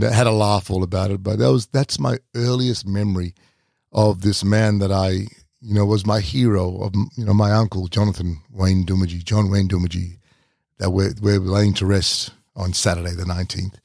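A middle-aged Australian man hosting a podcast and telling a personal story, pausing and repeating words as he recalls. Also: fairly low pitch, steady tone, gravelly, darkish tone, no echo, studio quality. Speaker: podcast host.

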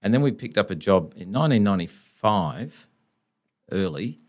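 A man's voice: fairly low pitch, moderate pace. An Australian man, a company founder, telling blunt, colloquial stories as a podcast guest. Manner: blunt, colloquial, animated anecdotes. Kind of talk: casual storytelling.

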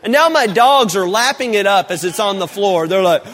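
High-voiced pastor telling a funny story. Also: male voice, normal speed. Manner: animated, humorous storytelling. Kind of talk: sermon. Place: church. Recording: long hall reverb.

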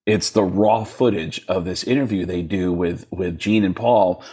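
Man, comedian guest, husky mid-pitch voice, lively storyteller who acts out voices. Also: unhurried. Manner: acts out voices in quoted dialogue, jumping high and low. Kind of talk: animated storytelling with impressions.

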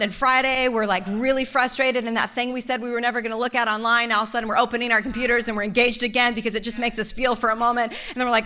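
A young adult woman preaching a conversational sermon, acting out everyday inner voices and building to loud, emphatic passages. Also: a little high.

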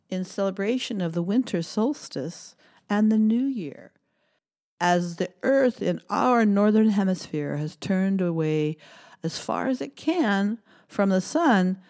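A middle-aged woman teaching young children, singing songs and reading a poem in a gentle, sing-song way with cheerful cheers. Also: fairly low pitch.

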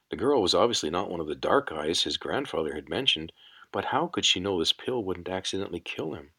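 A man narrating a fantasy audiobook in a measured, unhurried storytelling manner. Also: low voice, expressive, pushed and bright, husky. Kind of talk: scripted narration.

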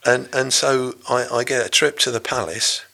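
A man's voice: medium pitch, steady tone, normal speed, gravelly, bright, forceful tone. An older man from Britain, a former navy rescue diver, telling his story in a casual interview, rambling with many restarts and fillers. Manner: rambling, full of restarts and "you know".

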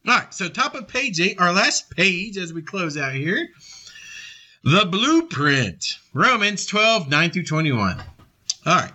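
A man's voice: high voice, slow. A man teaching a Bible study in an earnest, conversational way, reading scripture aloud and restarting words often. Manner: animated when voicing a small child. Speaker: preacher leading a Bible study.

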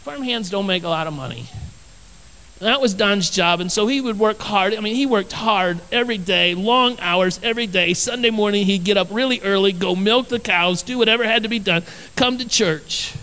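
A man preaching with a fairly high voice, earnest and lively as he tells personal stories and repeats his lines for emphasis. A long reverb trails his words, as in a large hall. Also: moderate pace. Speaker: pastor. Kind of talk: sermon with personal storytelling.

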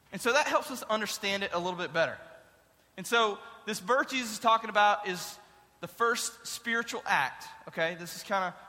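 Male youth pastor, high and bright, chatty, quizzes kids during a casual lesson, long hall reverb. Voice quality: chatty, quizzing listeners with questions.

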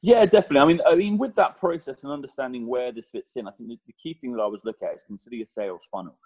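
Guest: quick, husky man in his thirties, lively chatty delivery, dry sound. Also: mid-range voice, dry recording, low-quality recording. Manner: animated, chatty, swears mildly. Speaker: guest, personal trainer. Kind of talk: podcast conversation.

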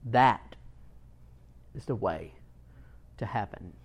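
A man voicing a stern old monk who scolds a warrior, loud and raised. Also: on the low side, expressive, slow, breathy edge, voice pushed down, full character voice. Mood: calm. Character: stern old male mountain monk, scornful.

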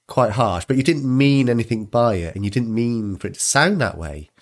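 A man co-hosting a podcast in a casual chat, speaking in a calm, supportive and reassuring way. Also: mid-range voice, a little fast. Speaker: podcast co-host.

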